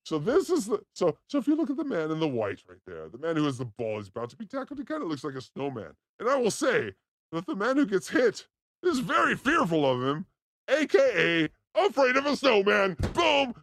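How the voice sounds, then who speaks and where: A man co-hosting a video reaction show in casual chat, given to loud excited outbursts and crude jokes. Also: a little high, fast, dry recording, studio quality.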